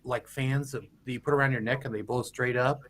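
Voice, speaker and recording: A man's voice: mid-range voice, steady tone, a little fast, fairly bright tone. A man co-hosting a casual live-stream chat, playful and self-deprecating, laughing often.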